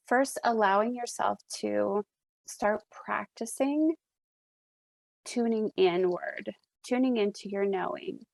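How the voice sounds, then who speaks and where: A woman hosting a podcast, speaking in a calm, reflective coaching tone in casual conversation. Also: mid-range voice, vocal fry, no room sound. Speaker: podcast host. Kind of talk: casual chat.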